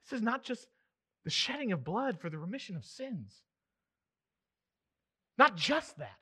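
A man preaching a sermon in church as pastor, moving between emphatic, raised passages and quiet, intimate ones. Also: high-pitched, big pitch swings, measured pace, slightly rough. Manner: swings from loud emphatic preaching to hushed, intimate delivery.

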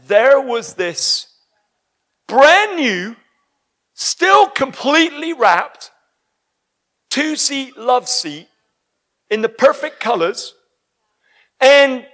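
Male preacher, high voice, emphatic sermon delivery with shouted peaks.

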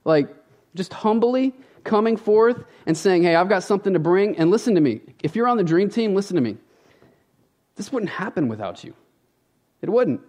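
A man's voice: sits high, expressive, normal speed, darkish tone. A man preaching a sermon from a church stage, talking in a conversational, emphatic way and often appealing straight to the congregation. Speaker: pastor.

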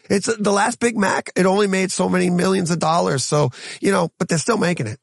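A man hosting a solo podcast, ranting in an exasperated, animated way with lots of rhetorical questions. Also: sits high, fairly quick, gravelly, few pauses, dry recording, studio quality. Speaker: podcast host.

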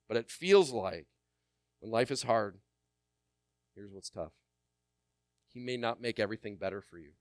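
Emphatic preacher man, clear dry voice. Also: mid-range voice, no echo. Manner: swings from loud emphatic repetition to quiet intimate asides. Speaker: pastor. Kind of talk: sermon.

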